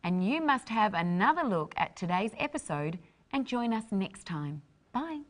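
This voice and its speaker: Lively, clear-speaking woman teaching English. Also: mid-range voice, normal speed, slight background noise. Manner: clear, careful explaining delivery. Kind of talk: scripted language lesson.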